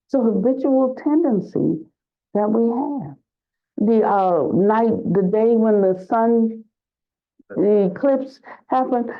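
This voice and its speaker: Slow, reflective older woman teaching dharma. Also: on the high side. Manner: reflective, searching for words, lively when telling stories. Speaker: Buddhist teacher. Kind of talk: dharma talk. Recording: dull lo-fi recording.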